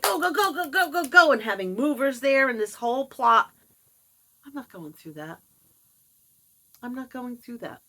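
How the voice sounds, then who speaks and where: Animated woman ranting sarcastically. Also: mid-range voice. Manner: sarcastic, does mocking voices when quoting others. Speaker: vlogger. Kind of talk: casual monologue.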